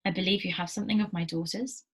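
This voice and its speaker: A woman's voice: fairly low pitch, steady tone, fast, a bit bright, breathy edge. A woman voicing a tired, grave captured governor speaking to his daughter in a storybook read-aloud. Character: weary captured male governor and father.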